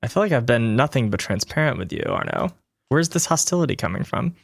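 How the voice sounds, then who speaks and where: Man playing a slick corporate administrator lady, falsely polite, deflecting, mid-pitched, dry close sound. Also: very animated, fast, creaky, husky, dry recording, full character voice. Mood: evasive. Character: smooth evasive woman mining administrator.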